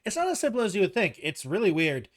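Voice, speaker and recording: A man hosting a casual gaming podcast, teasing his co-host, with his voice dropping quiet at the ends of phrases. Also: high voice, wildly swooping pitch, quick pace. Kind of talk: casual chat.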